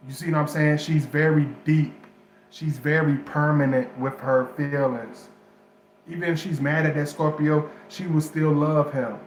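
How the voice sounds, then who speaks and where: A man's voice: on the high side, a little hiss or hum. A man giving astrology dating advice in casual vernacular speech, rambling and restarting his sentences as he talks straight to his viewers. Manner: loose, rambling, repeats himself with restarts; African American Vernacular English grammar. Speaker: astrology vlogger. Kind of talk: casual direct-to-camera chat. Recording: echoey room with faint background ambience.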